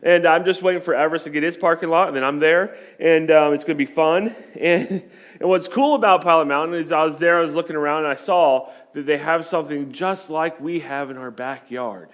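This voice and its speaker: A man's voice: on the high side, brisk, fairly bright tone. A middle-aged man, a pastor, giving a sermon in a church in a conversational, joking storytelling manner.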